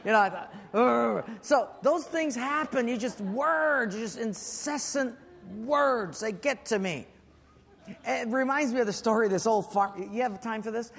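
A man with a very high voice preaches a sermon, acting out his stories and breaking into comic shouts. He sounds like he is in a large hall with a long reverb trailing his words. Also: measured pace. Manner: animated storyteller, acts out voices and shouts for comic effect. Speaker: pastor.

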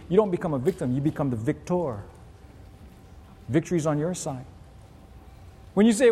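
A man's voice: normal speed, long pauses, breathy edge, in a large hall. Preaching man with a lofty voice. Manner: animated preaching, acting out pleading voices with big pitch leaps. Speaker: pastor. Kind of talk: sermon.

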